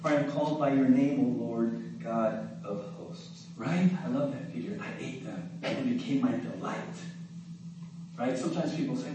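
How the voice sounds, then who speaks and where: A man's voice: mid-range voice, expressive, normal speed, dark tone. Conversational preacher man in an echoey hall. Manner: conversational, asks the crowd questions, repeats "right?". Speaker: pastor. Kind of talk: sermon. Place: church sanctuary. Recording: very echoey hall, mic at a distance, faint noise.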